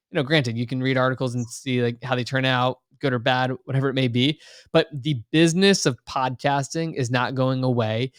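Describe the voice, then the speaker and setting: A man's voice: mid-range voice, smooth, dry recording, clean studio sound. A man in his twenties, a podcast guest talking casually and eagerly at length, with many "like"s and "you know"s. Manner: enthusiastic, long-winded, heavy on "like" and "you know". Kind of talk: casual interview talk.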